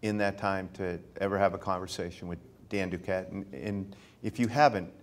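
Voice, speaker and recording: Low-voiced male interviewer. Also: steady tone, moderate pace. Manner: brief prompts and affirmations. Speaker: interviewer, sportswriter. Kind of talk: stage interview.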